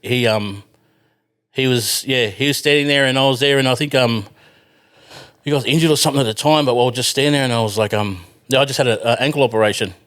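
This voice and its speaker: A man's voice: medium pitch, fast, fairly bright tone. A man with an Australian accent, a podcast guest telling rambling stories in casual chat, full of fillers, restarts and the odd swear word.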